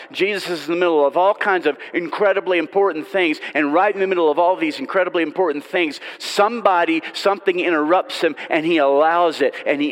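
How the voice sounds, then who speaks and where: A man preaching a sermon and telling a story in an animated way, often repeating phrases. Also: on the high side, big-room sound.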